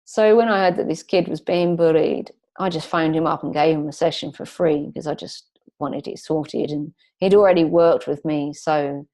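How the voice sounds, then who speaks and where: A woman working as a coach, a guest in an interview, telling a client story in a lively way and acting out the dialogue. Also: low voice, normal speed. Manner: earnest, emotional when recalling. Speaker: transformational coach.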